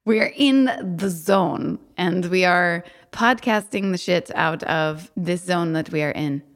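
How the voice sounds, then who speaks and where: A woman's voice: lowish voice, unhurried. A woman co-hosting a podcast in casual chat, bubbly and giggly. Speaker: podcast co-host.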